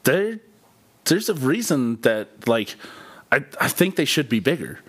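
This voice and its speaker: An animated man chatting on a music podcast, swearing freely as he talks. His voice is a plain mid-pitched male voice with nothing unusual about it. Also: measured pace, slightly rough. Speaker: podcast co-host. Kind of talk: casual podcast chat.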